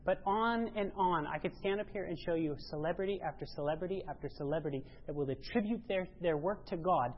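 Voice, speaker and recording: A woman giving a sermon-style church presentation, emphatic, rising to loud exclamations and dropping low. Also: quick pace, hardly any pauses, a little hiss or hum. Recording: dull lo-fi sound.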